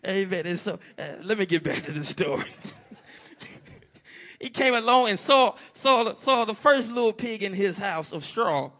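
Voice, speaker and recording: A man's voice: high-pitched, expressive, normal speed, fairly bright tone. A man preaching a folksy sermon, telling a story and calling out amen.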